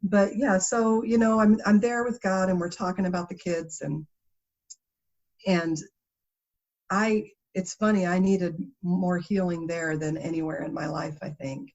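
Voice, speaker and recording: A woman with a fairly low voice speaks unhurriedly as a guest in a conversational interview. She tells her stories with animation and laughs often, and the interview audio is dull and lo-fi.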